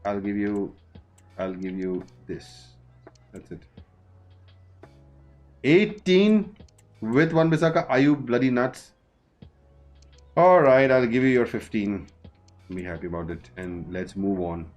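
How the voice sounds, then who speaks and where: A man streaming a football management game, chatting casually and haggling out loud with the players he signs. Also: on the low side, measured pace, long pauses, soft background music. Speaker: gaming streamer.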